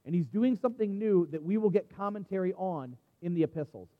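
A man's voice: sits high, lively intonation, a little fast. A man preaching a sermon as a pastor, in a conversational way with frequent restarts and asides. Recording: dull sound with long hall reverb.

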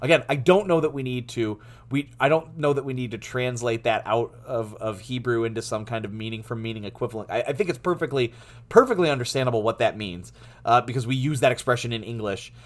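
A man teaching through a Bible passage in a lively way, laughing often and restarting his words. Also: medium pitch, a little fast.

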